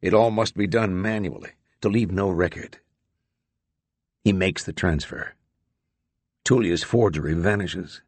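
A man reads science fiction aloud as an audiobook narrator, slow and unhurried, with a husky edge to his lower voice. His delivery is measured and deliberate, and the recording is dry and close. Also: darkish tone, no room sound.

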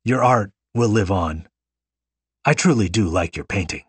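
A man voicing a formal, measured male hitman in an audiobook reading. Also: lowish voice, lively intonation, breathy edge, no room sound, full character voice. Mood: calm. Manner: measured, businesslike. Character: cool, formal male hitman of few words.

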